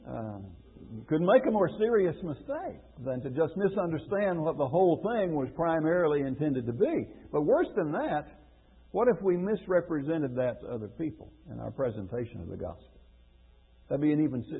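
A man's voice: fairly high pitch, husky. A man preaching a radio lesson, earnest and questioning, repeating phrases for emphasis. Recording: phone-like radio broadcast with long reverb.

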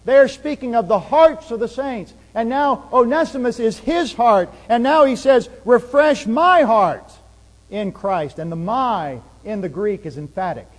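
A man's voice: extremely high pitch, expressive, normal speed, hardly any pauses, in a large hall, rough recording. A man preaching a sermon, earnest, with emphasis that rises and falls. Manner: earnest, rising and falling emphasis.

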